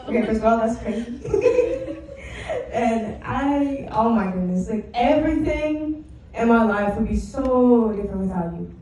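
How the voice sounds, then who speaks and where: Young woman, slightly high voice, laughing slangy party toast, distant in an echoing room. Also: very animated, measured pace, dark tone. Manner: breezy slang, laughing, gushing. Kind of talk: casual heartfelt party toast. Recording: echoey hall, far mic, crowd.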